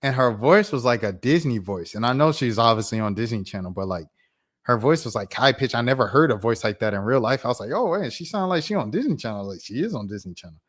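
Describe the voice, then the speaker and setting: A man in his thirties hosting his own stream, telling a casual storytime in an animated, slangy way with laughing asides. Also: medium pitch, quick pace. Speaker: streamer host.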